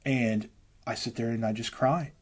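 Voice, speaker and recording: A man talking casually as an interview guest, a worship leader, rambling fast and breaking into lines of hymns. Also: medium pitch, steady tone, slightly rough.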